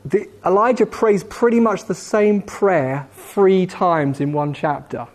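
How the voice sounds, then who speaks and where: A man preaching a sermon in a slow, measured way with dramatic pauses, gently voicing God's questions. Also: sits high. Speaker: pastor.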